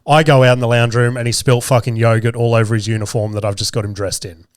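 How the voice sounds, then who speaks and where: A man's voice: medium pitch, level tone, quick pace, no echo, studio quality. A man in his thirties hosting a comedy podcast, rambling and swearing in casual chat, a bit nasal as he gets over a cold. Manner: profane, rambling, jokey. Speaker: podcast host.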